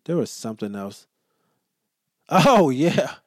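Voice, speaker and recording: A man's voice: mid-range voice, takes it slowly, dry recording, clean studio sound. A young adult man hosting a podcast, talking casually and joking with a lot of profanity. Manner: profane, joking, animated storytelling. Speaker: podcast host. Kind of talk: casual solo podcast monologue.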